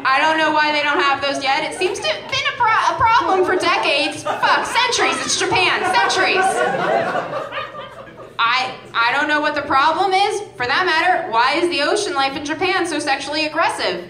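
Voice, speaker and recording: A young woman with a high voice performs stand-up into a stage mic, deadpan and full of stammering restarts. The club sound is roomy and echoing. A loud crowd laughs behind her. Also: moderate pace, very noisy. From Massachusetts, outside Boston. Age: 20s. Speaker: stand-up comedian opening act. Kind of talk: stand-up comedy set. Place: music hall stage. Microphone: stage microphone. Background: audience laughing.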